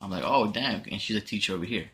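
A young man in crude casual banter, throwing in quick profane wisecracks. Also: lowish voice, fairly bright tone, slight background noise.

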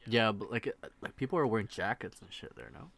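A man's voice: lowish voice, animated, quick pace, vocal fry, fairly bright tone. A young man co-hosting a podcast in a loose, casual chat. He laughs a lot and swears without a second thought, and his sentences are stuffed with "like" and restarts. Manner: laughs often, swears freely, lots of "like". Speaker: podcast co-host.

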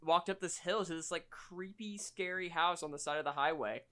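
Young man, bright sharp tone, joking, teasing, casual chat. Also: a little high, moderate pace, clear, resonant tone. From St. Louis area, US.

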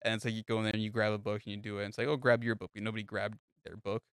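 A man's voice: fairly low pitch, monotone, rapid-fire, fairly bright tone, clean tone, no echo, clean studio sound. A young man co-hosting a podcast, telling crude, rambling stories full of fillers in casual chat. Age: young adult. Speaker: podcast co-host.

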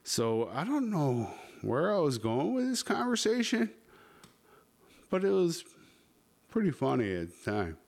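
A man's voice: fairly high pitch, huge pitch swings, measured pace, creaky, long pauses, a little mellow. Crude rambling podcast man. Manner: crude, rambling, heavy swearing. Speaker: podcast host. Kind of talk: casual storytelling.

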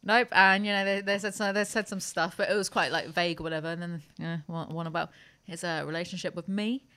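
A woman's voice: fairly low pitch, steady tone, quick pace, a bit bright, clear, resonant tone. A woman hosting a podcast in brash, joking chat, swearing freely as she banters. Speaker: podcast host.

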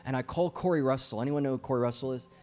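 A man's voice: medium pitch, rapid-fire, darkish tone. A middle-aged man preaching a fervent, urgent sermon as a guest preacher, his volume swelling and dropping as he presses his points.

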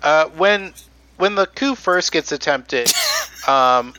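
Male podcast host, bright tone, casual rambling storyteller. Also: fairly high pitch, lively intonation, slow pace, dry recording. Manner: rambling storyteller, many fillers. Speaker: podcast host telling history. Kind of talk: casual chat.

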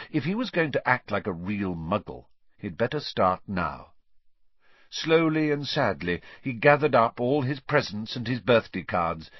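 A man reading a children's novel aloud as an expressive narrator. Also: fairly low pitch, slightly rough, dry recording, highs cut off. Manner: expressive storytelling. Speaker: audiobook narrator. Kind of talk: scripted narration.

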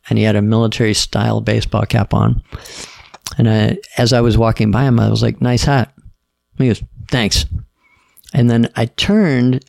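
A middle-aged man, a podcast guest, telling stories in a relaxed, casual way and quoting other people's lines. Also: fairly low pitch, gravelly, no echo, studio quality. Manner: laid-back storyteller, quotes others in dialogue. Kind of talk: casual storytelling.

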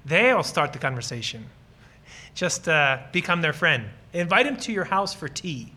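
A man from Lancaster County, Pennsylvania, speaks as a guest on ministry in a voice on the high side, sing-song, bright, and forceful, at a moderate pace. Earnest and enthusiastic, he answers audience questions, shares personal stories, and acts out bits of dialogue while explaining.

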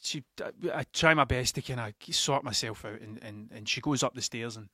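A man's voice: medium pitch, normal speed, sharp tone, slightly rough, no echo, studio quality. A Scottish man, a father, telling a rambling, self-mocking story on his podcast, swearing freely and repeating himself. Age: adult father. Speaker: podcast host. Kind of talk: casual storytelling monologue.

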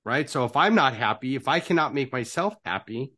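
Host, male, middle pitch, earnest coach type who keeps checking in with "right?". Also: lively intonation, brisk, bright, forceful tone. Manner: tags nearly every phrase with "right?"; earnest, encouraging. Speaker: podcast host and life coach. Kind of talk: casual interview.

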